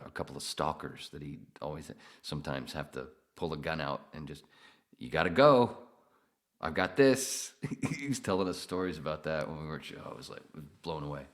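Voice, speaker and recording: A podcast host with a very deep voice spins a long, loose story. He swears freely, laughs at his own tale, and speaks in casual conversation. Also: a bit bright.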